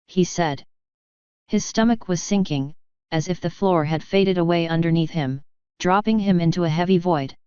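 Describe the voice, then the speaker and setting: Clear-voiced woman narrating fanfiction. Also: fairly low pitch, a little slow, darkish tone, no room sound, dull audio. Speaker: fanfiction reader. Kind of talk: audiobook narration.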